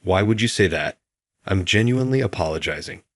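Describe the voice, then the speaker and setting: A man doing a shrill spoiled woman. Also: lively intonation, fairly quick, no echo, clean studio sound. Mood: shrill accusing. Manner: shrill, accusing. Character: shrill spoiled middle-aged woman, entitled and mean.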